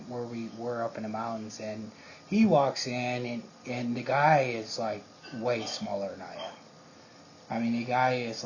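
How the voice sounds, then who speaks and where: A man's voice: medium pitch, a little mellow. A man casually telling a swaggering, profane story about a confrontation. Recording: muffled lo-fi recording, faint hiss.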